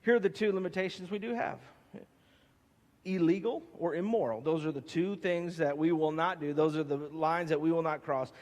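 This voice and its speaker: Man, pastor, emphatic sermon, fairly high voice, long hall reverb. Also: moderate pace. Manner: emphatic, animated preaching with playful asides. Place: church sanctuary.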